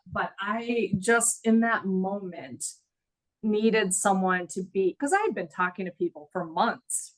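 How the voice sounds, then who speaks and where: A woman's voice: medium pitch, low-quality recording. A middle-aged woman telling her story in an interview, earnest and reflective, audibly emotional. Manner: earnest, reflective, laughs at times. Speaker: guest.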